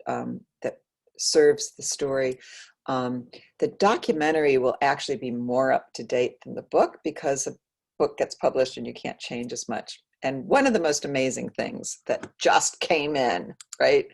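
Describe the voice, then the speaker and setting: A woman author talking about her book over a video call, halting with many fillers and restarts, and losing her voice. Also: rumbling low, gravelly, a little mellow. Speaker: author guest. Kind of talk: conversational book talk.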